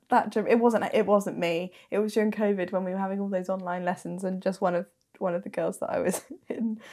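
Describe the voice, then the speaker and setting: A young woman co-hosting a podcast, chatting casually, laughing often and reading listener messages aloud. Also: medium pitch. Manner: giggly, animated, reads listener messages aloud. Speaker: podcast co-host. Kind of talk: casual chat.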